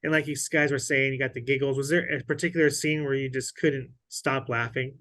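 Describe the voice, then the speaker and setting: A man's voice: medium pitch, steady tone, a little fast, a bit bright. A man hosting an interview, friendly and affirming as he asks questions. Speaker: interview host. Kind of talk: casual interview.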